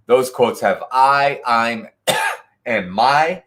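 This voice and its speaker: A man's voice: medium pitch, animated, drawn-out words, background noise. A man hosting an online trivia night, reading answers and scores and teasing players in the chat with sarcastic banter. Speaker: trivia host.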